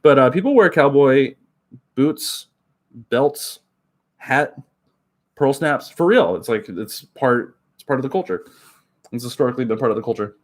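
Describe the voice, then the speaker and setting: A man's voice: medium pitch, expressive, normal speed, pauses often. A man from Oklahoma chatting casually with live viewers on his stream, rambling, giggling often and leaning on filler words. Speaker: livestreamer.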